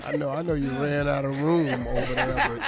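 A man hosting a radio morning show, loudly teasing imaginary neighbors in a comic bit. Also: mid-range voice, fairly even intonation. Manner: loud, teasing, drawn-out punchlines.

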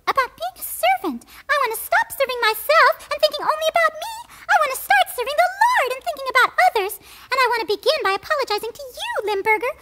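A squeaky, excitable girl mouse. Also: quick pace, a little hiss or hum, heavily acted. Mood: relieved, eager. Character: young female church mouse, ambitious and dramatic. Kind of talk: children's musical audio drama. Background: music underneath.

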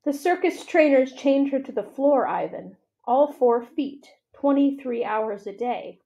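A weary, kindly old elephant mother figure with a soft, tired voice and a slow, careful manner, as a woman reading a storybook aloud puts her on. The tone is mellow and slightly raised. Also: high-pitched, lively intonation, lo-fi sound, pitched above the performer's own voice. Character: older female elephant, gentle and weary.

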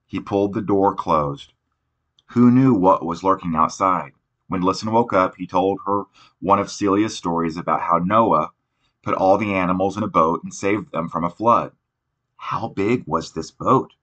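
A man reading a novel aloud with a low, deep voice. His tone is bright and forceful, and his pace is unhurried. Now and then he stops and restarts a word. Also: lo-fi sound. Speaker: audiobook narrator. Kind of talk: scripted audiobook narration.

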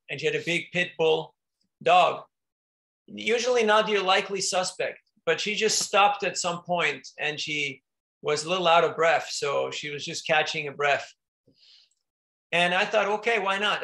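A monk with a high-pitched, pushed, bright voice gives an informal spiritual talk. He tells stories conversationally, often restarting his sentences and letting out little laughs.

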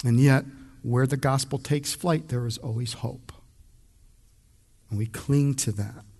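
A man's voice: medium pitch, steady tone, unhurried, a little mellow, slightly rough. A man from the United States preaching an expository sermon as pastor, emphatic and conversational, speaking straight to his congregation.

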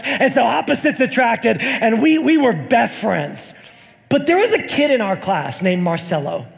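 A young man preaches with a very high, gravelly voice, calling out to his congregation and rising into shouted, sing-song peaks. The sermon is recorded live in a church hall with a long echo. A faint congregation can be heard behind him. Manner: storytelling with call-outs to the congregation. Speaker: pastor.

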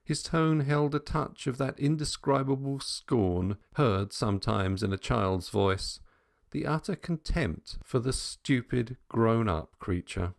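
A man reading an audiobook in a measured storytelling manner. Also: medium pitch, lively intonation, creaky. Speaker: audiobook narrator. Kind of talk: scripted narration.

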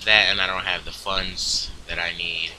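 A man's voice: sits low, flat delivery, normal speed, slight background noise, rough recording. Foul-mouthed young man commentating a game. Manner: crude, profane, swings into loud outbursts. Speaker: gaming video host. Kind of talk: casual gameplay commentary.

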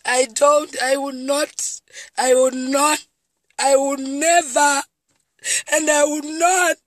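A woman's voice: high voice, steady tone, slow pace. A distraught Zimbabwean woman in tears, speaking in a repetitive, pleading outburst on a live video. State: tearful and distraught. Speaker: comedian. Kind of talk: emotional live video monologue. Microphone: phone.

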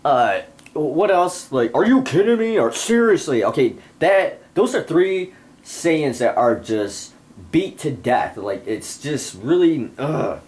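A man's voice: fairly high pitch, sing-song, slow pace, darkish tone. A young man playing a video game and ranting, irritable and constantly swearing, with game music behind him. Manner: foul-mouthed, irritable, ranting. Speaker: gamer. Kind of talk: profane let's-play rant.

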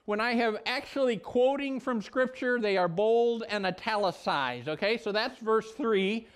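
A male pastor teaching a Bible lesson in a vlog, telling the story in an animated, conversational way. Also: sits high, measured pace, clear, resonant tone.

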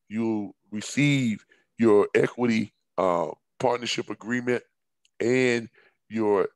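A man, giving a live-streamed business presentation in a scratchy, hoarse voice and talking haltingly with many fillers and restarts. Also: on the low side, dry recording.

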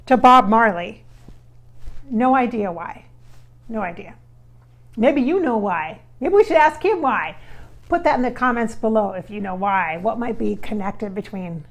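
A woman hosting her own channel as a psychic medium, chatting in a rambling, self-deprecating way. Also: a little high. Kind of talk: casual chat.

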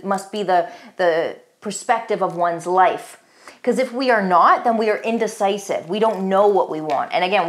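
Earnest woman giving a tarot reading. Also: mid-range voice. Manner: earnest and encouraging, repeats phrases, addresses listener as "beautiful soul". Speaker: tarot reader. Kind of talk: recorded tarot reading, motivational.

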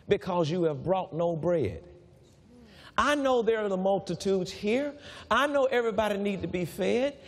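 A man preaching a sermon, reading scripture aloud and acting out its dialogue in an animated way. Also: sits high, long reverb tail. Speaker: pastor.

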